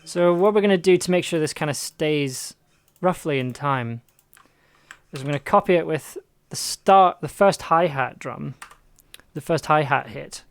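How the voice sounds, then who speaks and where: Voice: medium pitch, a little slow, no room sound. A music producer streaming live, casually thinking aloud and testing ideas by trial and error, with a self-deprecating manner. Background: faint music playback.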